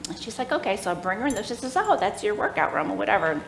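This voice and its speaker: A middle-aged woman telling a personal faith story at a church workshop, animated and laughing as she acts out the voices of people in the story. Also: medium pitch, rapid-fire, vocal fry, soft background music. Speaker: workshop speaker. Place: church room. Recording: echoey room with faint ambience.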